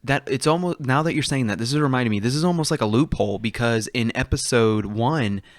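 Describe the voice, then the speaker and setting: A man co-hosting a podcast in casual chat, rambling and animated, often laughing as he talks. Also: medium pitch, fast talker, no echo, studio quality. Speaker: podcast co-host.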